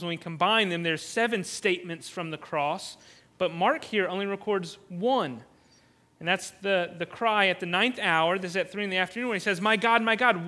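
A man preaching a sermon, earnest, often repeating words as he restarts and rising to loud cries on key points. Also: high voice. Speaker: pastor.

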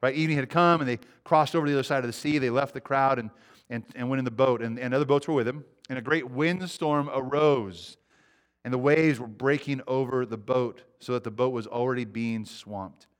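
A middle-aged man preaching a sermon, earnest, swinging between loud urgency and quiet intensity. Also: medium pitch, fairly quick. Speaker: pastor.

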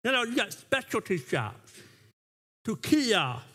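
A man preaching a sermon as pastor, animated and often restarting with repeated words. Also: high-pitched, slow, husky.

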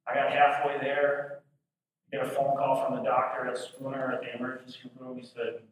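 A male pastor preaching a sermon, swinging from shouted fervor to hushed, intimate passages. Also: mid-range voice, little pitch movement, normal speed, slight background noise. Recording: roomy echo from a distant mic.

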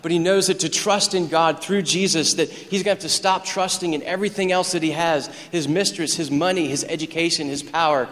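Male pastor, excitable storytelling preacher, higher-pitched, recorded in a reverberant church hall. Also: fairly quick, hardly any pauses. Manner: animated, storytelling preacher who gets excited. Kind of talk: sermon. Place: church sanctuary.

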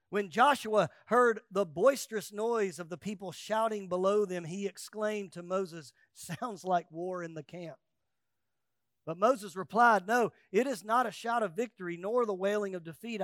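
A male pastor preaching a sermon, rising to loud emphatic peaks and dropping to quiet asides, acting out quoted voices with humor. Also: high voice, no room sound, clean studio sound.

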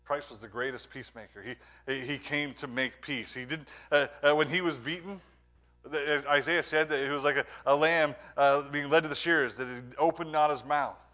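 A man preaching a sermon as pastor, earnest, moving between emphatic points and hushed, quiet lines. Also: fairly high pitch, fairly even intonation, moderate pace.

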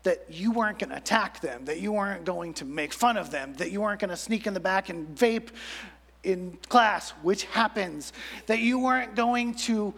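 A man's voice: high voice, normal speed, a bit bright. A young man preaching a sermon to a youth congregation, chatty and full of "like" fillers, acting out quotes as he goes. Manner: conversational, lots of "like" fillers, acts out quotes. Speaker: pastor. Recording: long hall reverb.

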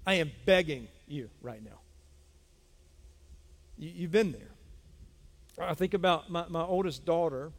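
A middle-aged man, a pastor preaching a sermon emphatically, repeating lines and calling out to his congregation. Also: high voice. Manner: emphatic, repetitive preaching with audience call-outs. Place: church sanctuary. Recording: long hall reverb.

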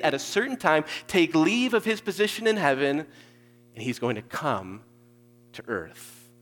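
Male preacher, fairly high voice, hushed then loud, long hall reverb. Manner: swings between hushed low lines and loud emphatic peaks. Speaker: pastor. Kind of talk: expository sermon.

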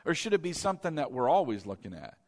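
Brief: male pastor, raised pitch, conversational sermon with call-and-response, long hall reverb. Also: very animated, quick pace, a little mellow.

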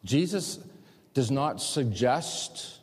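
Casting: a mid-pitched man preaching with emphatic outbursts, long reverb of a large hall. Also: big pitch swings, drawn-out words, husky. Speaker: pastor. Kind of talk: sermon.

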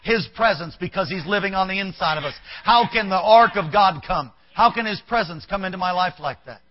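A man's voice: high voice, fairly quick, lo-fi sound. A man preaching a sermon, telling a Bible story with acted-out voices and asides. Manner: animated, acts out characters, talks to the band. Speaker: pastor. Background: soft band music.

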